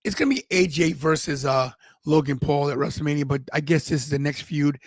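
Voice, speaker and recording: A man co-hosting a wrestling podcast, chiming in with quick remarks and explaining the rules in casual chat. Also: fairly high pitch, dry recording. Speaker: podcast co-host.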